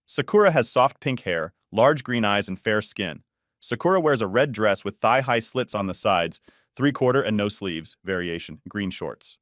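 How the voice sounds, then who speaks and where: Man, story narrator, low voice, dry close sound, flat even reading. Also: moderate pace, no echo.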